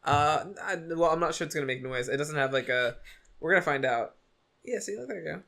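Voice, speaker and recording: A young man co-hosting a let's play, chatty and animated, saying dude and like a lot. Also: a little high, a little fast, creaky. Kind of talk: casual gameplay chat. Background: game music.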